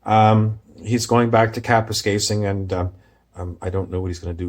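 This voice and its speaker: A man hosting a comedy bit, casually reviewing his own sketch in animated, self-mocking bursts. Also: mid-range voice, brisk. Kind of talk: casual comedy post-mortem.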